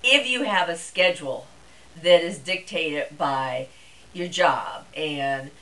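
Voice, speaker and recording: A woman's voice: low voice, slow pace, a bit bright, low-quality recording. A middle-aged woman vlogger talking to camera in a chatty, rambling way, with plenty of fillers. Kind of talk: casual monologue to camera.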